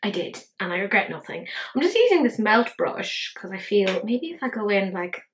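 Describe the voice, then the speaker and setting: A woman in her thirties talks through her makeup routine in a loose, chatty vlog voice. Her pitch sits in an ordinary middle range. She swears freely and scolds herself under her breath as she goes. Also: very animated, moderate pace, slight background noise, rough recording. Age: 30s. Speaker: beauty vlogger. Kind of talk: casual makeup tutorial chat.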